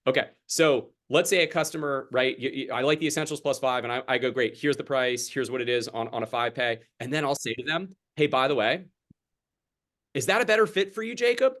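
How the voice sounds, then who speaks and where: A man's voice: mid-range voice, brisk, hardly any pauses, fairly bright tone. A young man coaching a sales team over a video call, chatty and casual, acting out exchanges with customers. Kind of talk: sales training talk on a group video call.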